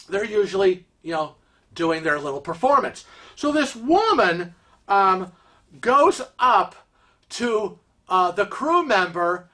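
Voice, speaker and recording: A man's voice: high voice, fairly bright tone. A man telling cruise stories in a chatty, rambling way, with many fillers. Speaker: cruise vlogger. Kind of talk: casual storytelling.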